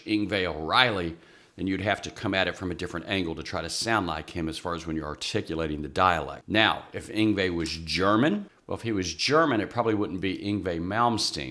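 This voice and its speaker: On his own channel, a man whose voice sits low with a bit of brightness rambles casually about guitar playing. He's chatty, wry and self-deprecating throughout the vlog.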